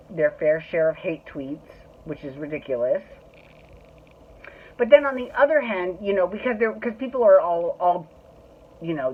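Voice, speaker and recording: A woman talks through a casual solo recap as the show's host, chatty and gushing and quick to swear. Her voice sits a little low. The audio is thin and tinny, like a phone line. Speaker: podcast host.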